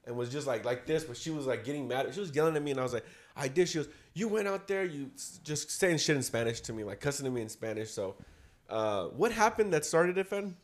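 A man's voice: mid-range voice, animated, fast talker. A teenage man telling a story in casual chat among friends, swearing and laughing as he talks. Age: teens.

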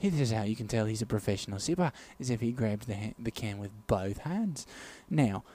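A man's voice: lowish voice, expressive, brisk. A drunk young man co-hosting a comedy podcast, laughing a lot and slipping into mock announcer play-by-play. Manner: loud, laughing, swings into playful announcer bits. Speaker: podcast co-host. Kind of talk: drunk comedic chat and mock sports commentary.

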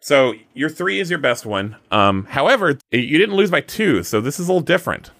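A man's voice: a little high, big pitch swings, brisk, gravelly, fairly bright tone, no room sound, clean studio sound. Chatty man explaining game rules. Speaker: game master.

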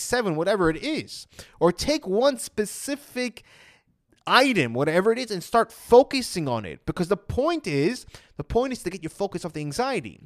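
A man talking casually as an anxiety coach, retelling his own past thoughts in a chatty way. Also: high voice. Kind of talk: casual motivational talk.

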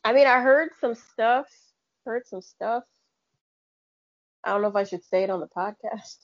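A woman's voice: on the high side, moderate pace, no echo. A woman co-hosting a podcast in casual chat, rambling and often restarting her sentences. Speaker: podcast co-host. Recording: dull, dry, lo-fi podcast audio.

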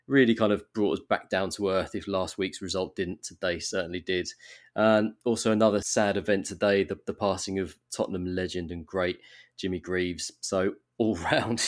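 Guy hosting a footy podcast, lowish voice, chatty, asks the panel stuff. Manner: chatty, leads the discussion with questions. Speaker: podcast host. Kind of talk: casual football podcast chat.

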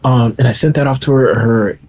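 A young man, a filmmaker guest on a podcast, tells a story with animated energy, acting out other people's lines and filling his speech with "like.". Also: medium pitch, a little fast, slight background noise. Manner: animated, acts out quoted dialogue, many fillers like "like".

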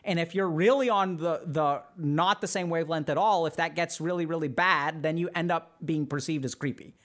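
A man hosting a podcast as a psychiatrist, explaining in an animated, casual way with lots of "like" and acted-out examples. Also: on the high side, moderate pace. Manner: animated, heavy use of "like", acts out examples.

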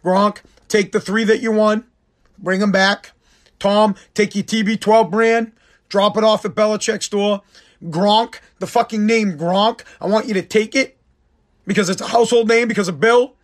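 A man's voice: sits high, fairly even intonation, moderate pace. A man delivering a heated, profane, sarcastic sports rant. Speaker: sports commentator. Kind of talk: ranting sports monologue.

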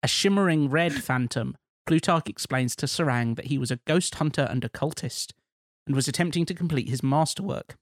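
A man co-hosting a casual podcast, reading plot points and filling in casting choices in a relaxed way. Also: fairly high pitch, fairly quick, dry recording, studio quality. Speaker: podcast co-host. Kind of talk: casual chat, reading out a film pitch.

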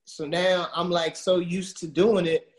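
A man with a high-pitched voice appears as a podcast guest in a casual chat, ranting and swearing a lot about his pet peeves with repeated filler words. His delivery is flat and unhurried, and the room sounds echoey.

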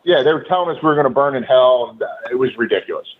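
Male guest, casual profane storyteller, mid-pitched, heard through a tinny phone connection. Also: expressive, very fast. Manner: loose, profane, with many fillers. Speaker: guest, former pro wrestler. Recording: tinny phone-line audio.

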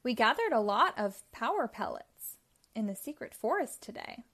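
Woman doing a chipper high Pac-Man. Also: sing-song, moderate pace, fairly bright tone, exaggerated voice. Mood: cheerful. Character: cheerful upbeat male Pac-Man hero.

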